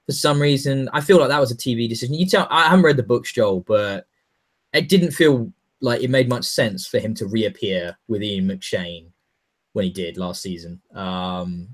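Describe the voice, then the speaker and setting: A man co-hosting a podcast in casual chat, animated and jokey, talking in quick bursts. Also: fairly low pitch. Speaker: podcast co-host.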